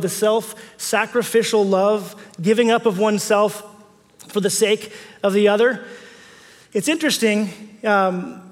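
A man's voice: high voice, big-room sound. A man pastor preaching a conversational sermon in a church, repeating key phrases for emphasis.

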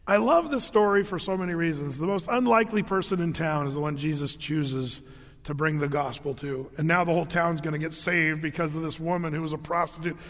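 A male pastor preaching in a church sanctuary, his voice pitched fairly high. He tells his story with animation, restarting sentences, laughing and acting out the people in it. A long reverb rings through the hall behind every phrase. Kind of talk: sermon.

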